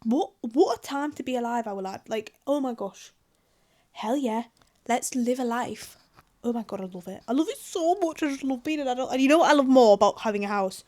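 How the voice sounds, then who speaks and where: A young woman in her twenties talks straight to the camera in a loose, rambling vlog. Her voice sits a little on the high side, and she jumps from one aside to the next with lively, chatty energy. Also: brisk. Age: 20s. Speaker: vlogger. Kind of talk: casual chat to camera.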